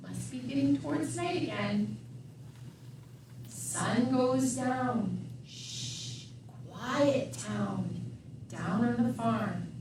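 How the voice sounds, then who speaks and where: Middle-aged woman, children's librarian at storytime; slow chanting read-aloud, recorded off mic in a roomy space. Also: on the high side, animated, distant mic, noisy background. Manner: sing-song, animal sounds, asks children questions. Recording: echoey room, voice from off mic.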